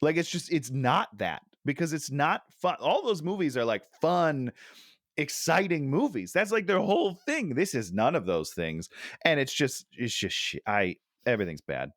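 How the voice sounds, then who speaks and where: A man's voice: fairly high pitch, very animated, normal speed, no room sound, studio quality. A middle-aged man co-hosting a casual movie-review chat on a headset, ranting and sighing in exasperation. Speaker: podcast co-host.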